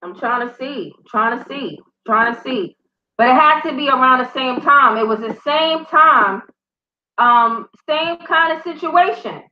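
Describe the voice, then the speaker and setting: A young woman giving crude, profanity-filled commentary on a news story, telling it in an animated way. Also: high-pitched, a little slow. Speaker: vlogger. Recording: roomy, slightly dull home recording.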